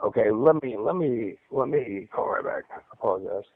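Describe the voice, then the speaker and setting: A man who stutters, telling a long rambling story over a phone call, halting and repeating his words as he goes. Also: mid-range voice, expressive, dry recording. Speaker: caller recounting an interrogation. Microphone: phone handset. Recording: tinny dry phone line.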